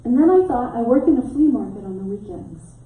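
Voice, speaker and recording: A woman's voice: on the high side, fairly quick, phone-quality sound. A middle-aged woman minister telling a story in a sermon, acting out what people said and often laughing. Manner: animated storyteller who acts out quotes and laughs often. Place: church sanctuary. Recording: echoey hall mic from a distance.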